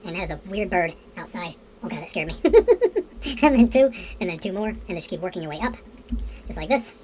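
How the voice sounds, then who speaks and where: A woman's voice: lowish voice, animated, quick pace, darkish tone, a little hiss or hum. A woman narrating a casual building tutorial, counting blocks aloud to viewers and swearing under her breath when pieces don't line up. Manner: addresses viewers directly. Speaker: game building tutorial host.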